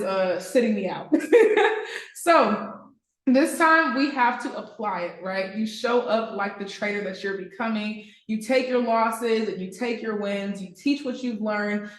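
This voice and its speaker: A woman's voice: fairly high pitch, roomy sound. A woman trading mentor speaking casually to her graduating students, chatty and playful, often laughing. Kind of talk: casual livestream address to students.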